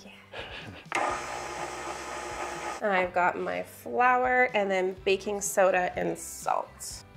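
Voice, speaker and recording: A woman's voice: medium pitch, very slow, vocal fry, over music. Chatty woman hosting a baking video. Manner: chatty and upbeat, thinks aloud while working. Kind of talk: casual baking vlog chat. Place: home kitchen.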